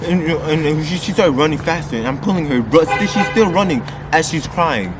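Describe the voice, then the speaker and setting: A man vlogging a story time, swearing freely and jumping to loud outbursts when he quotes people. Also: on the high side, moderate pace, music in the background. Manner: animated, swearing, loud bursts when quoting. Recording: noisy outdoor street sound.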